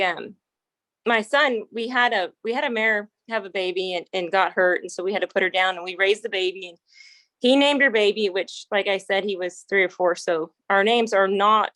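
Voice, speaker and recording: A woman's voice: mid-range voice, a bit bright, no echo. A woman who trains and breeds horses, telling a long anecdote in a casual interview, rambling with restarts and laughing often.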